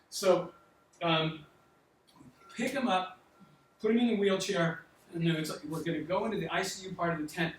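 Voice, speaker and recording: Older male doctor, sixties, animated storyteller who acts out dialogue; distant mic in a reverberant hall. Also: high-pitched, normal speed, long pauses, a little hiss or hum. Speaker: doctor giving a talk to students. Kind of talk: storytelling talk. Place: large lecture hall.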